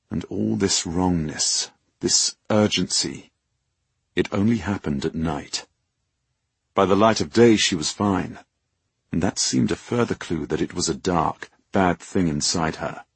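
Deep husky male audiobook narrator. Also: dry recording. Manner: measured, dramatic. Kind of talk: scripted narration.

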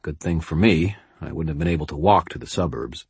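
A man's voice: a bass voice, lively intonation, brisk, darkish tone, breathy edge, no room sound. A man narrating a first-person audiobook in a tense, gritty storytelling manner.

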